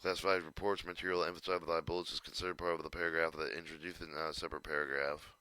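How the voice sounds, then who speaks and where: A man reading a writing style guide aloud, halting and stumbling over words with restarts. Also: extremely low pitch, flat delivery, pushed and bright, clear, resonant tone, no room sound.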